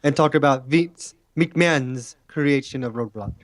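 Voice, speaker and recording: A man's voice: medium pitch, measured pace, dry recording, close to an everyday voice. A man doing an impression of a grandiose, brooding male wrestler, with a put-on North Carolina accent and dramatic, menacing pronouncements.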